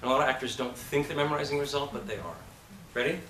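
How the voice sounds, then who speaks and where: A man's voice: medium pitch, rapid-fire, noisy background. A man teaching an acting class, talking casually in a blunt, profane and emphatic way. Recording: roomy, from a distance.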